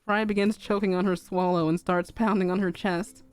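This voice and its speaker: A young woman streamer narrating a fanfic aloud in a calm, even reading. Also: medium pitch, moderate pace, clean tone, faint music behind.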